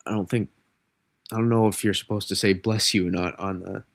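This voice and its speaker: Stuffy male weather streamer with a cold, rambling, self-correcting, gravelly, dry close mic. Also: fairly low pitch, steady tone, brisk, dry recording. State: congested from a cold. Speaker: weather forecaster. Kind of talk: live-stream weather model breakdown.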